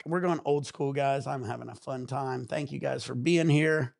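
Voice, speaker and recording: A man hosting a relaxed vlog, rambling and swearing freely in casual chat while high. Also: moderate pace, vocal fry, few pauses, no room sound, clean studio sound. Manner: rambling, profane, laid-back. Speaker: vlog host.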